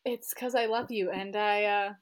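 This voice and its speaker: A woman's voice: medium pitch, fairly even intonation, normal speed. A woman hosting a book club podcast, chatting enthusiastically and often trailing off. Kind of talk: casual chat.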